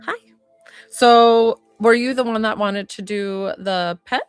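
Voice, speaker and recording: A woman working as a psychic medium, giving live readings to viewers in a warm, rambling way with lots of filler words. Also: a little high, fairly even intonation, slow, smooth, no echo, soft background music. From northern United States.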